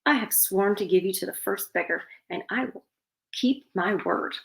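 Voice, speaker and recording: A woman's voice: mid-range voice, moderate pace, creaky, close to an everyday voice. A woman voicing a stern old king in a read-aloud fairytale, speaking in a commanding manner. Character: stern old king keeping his oath.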